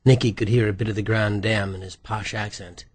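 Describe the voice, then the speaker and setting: Measured male audiobook narrator. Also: lowish voice, fairly even intonation, no room sound. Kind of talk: scripted narration.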